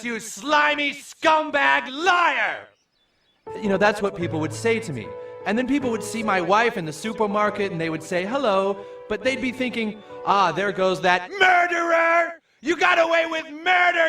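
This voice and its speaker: A very high, bright-voiced cartoon dad confesses in public and shouts out the accusations he imagines. It plays as a distant clip of a TV show, with faint music under it. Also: normal speed, exaggerated voice. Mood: shouting. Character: middle-aged cartoon father confessing in public. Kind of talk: animated TV cartoon dialogue.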